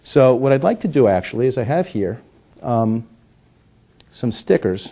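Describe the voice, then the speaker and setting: A middle-aged man does coin magic with jokey, punny patter, then explains the trick, stammering and restarting his words often. His mid-range voice is very animated and dark-toned, at a moderate pace.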